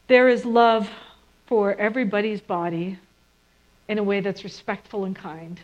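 A woman's voice: medium pitch, dull audio. A woman gives a reflective spiritual talk to an audience and sometimes acts out harsh inner voices. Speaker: spiritual speaker.

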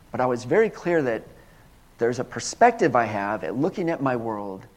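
A man preaching in an earnest, repetitive way, with a voice of ordinary middle pitch. He builds phrases to emphatic peaks and then drops to a soft, unhurried tone to lead a prayer. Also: sing-song. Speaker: minister. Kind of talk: sermon with guided prayer.

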